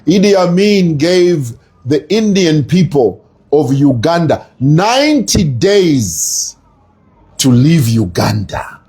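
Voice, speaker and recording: A man's voice: fairly high pitch, very animated, slow pace, a little mellow, breathy edge. A middle-aged Zambian man with a Zambian accent, giving an emphatic, storytelling opinion monologue as an online commentator.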